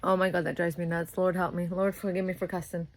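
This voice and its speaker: A sleep-deprived young new mother rants to the camera in a casual, profane monologue. Her voice sits a little low, and she keeps swearing as she gets heated. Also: little pitch movement, fast talker. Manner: profane, ranting, grows louder and heated. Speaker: vlogger.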